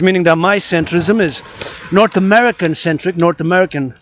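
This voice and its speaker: A man from Quebec talks into a handheld phone while he moves around a city outdoors. His voice sits a touch high, and he speaks in a rambling, impassioned way, repeating words and phrases as he preaches. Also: expressive, moderate pace, few pauses, a bit bright, slight background noise. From Quebec, Canada. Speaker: vlogger. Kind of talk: rambling outdoor vlog monologue.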